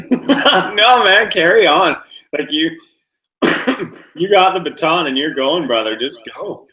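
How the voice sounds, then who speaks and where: A man's voice: fairly high pitch, expressive, slow pace, bright, forceful tone, rough recording. A man co-hosting a casual podcast, talking in an easygoing, encouraging way with loose, informal phrasing. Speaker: podcast co-host.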